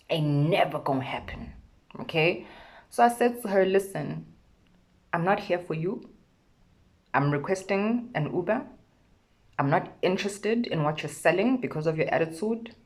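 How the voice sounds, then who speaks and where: A young woman with a South African accent tells a story in a casual vlog, with a low-pitched voice. She is sassy and animated, and she acts out the lines of people in the story. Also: moderate pace, pauses often. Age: young adult. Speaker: vlogger.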